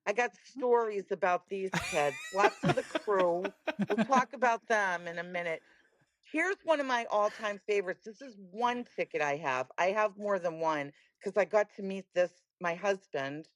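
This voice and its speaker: A woman guest on a chat podcast, telling animated stories with lots of emphasis. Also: mid-range voice, moderate pace, no room sound. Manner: lively storyteller, animated and emphatic. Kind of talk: casual chat.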